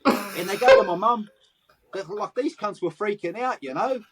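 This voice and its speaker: A man's voice: high voice, moderate pace, very noisy. A middle-aged Australian man with a Sydney accent, telling swear-laden street stories in a casual interview. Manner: swears freely, animated anecdotes in street slang. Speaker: guest, graffiti artist.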